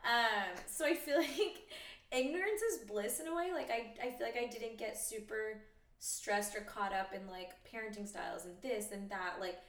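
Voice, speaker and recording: Thirties mom guest, casual and laughing; higher pitch, roomy and slightly distant. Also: female voice, lively intonation, normal speed, a bit bright. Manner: chatty, laughs often, self-deprecating. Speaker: podcast guest, mother. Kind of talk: casual chat.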